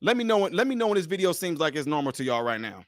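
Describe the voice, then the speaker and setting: A man's voice: fairly high pitch, sing-song, very fast, no echo, clean studio sound. Emphatic man doing livestream commentary. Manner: talks straight to viewers, repeats his points. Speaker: livestream host.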